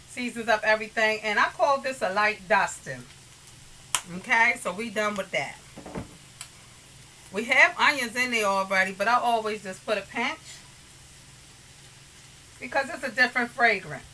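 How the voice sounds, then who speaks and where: A woman's voice: fairly high pitch, bright, forceful tone, slight background noise, rough recording. A woman hosting a casual cooking tutorial in her home kitchen, chatty and homey, often calling viewers "you guys", with pots and dishes clinking behind her. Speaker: cooking channel host. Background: pots, pans and dishes clinking.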